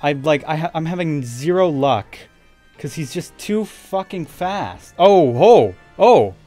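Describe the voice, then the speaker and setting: A man's voice: a little high, expressive, measured pace, a little mellow, faint music behind. A man giving casual gameplay commentary, swearing often and joking through his frustration. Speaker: let's play gamer.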